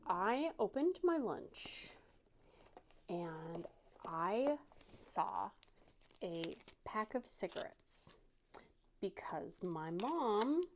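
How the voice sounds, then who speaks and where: A woman talking casually to her channel's viewers in a middle-pitched voice, wandering through a story full of "um"s and restarts. She pokes fun at herself as she goes, with a faint hiss under her voice. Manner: rambling, self-deprecating, lots of fillers and restarts. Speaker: craft channel host.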